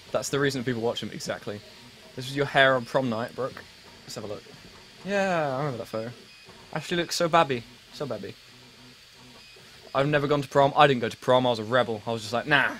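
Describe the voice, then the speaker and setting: A man's voice: mid-range voice, fairly bright tone, rough recording. A young man in his late teens with an English accent hosts a casual live stream. He rambles and pokes fun at himself, stumbling over restarts in a mid-range voice. A faint hiss of noise sits under the recording. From England. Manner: rambling and self-mocking, full of fillers and restarts. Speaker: livestream host. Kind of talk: casual live-stream chat, answering viewers.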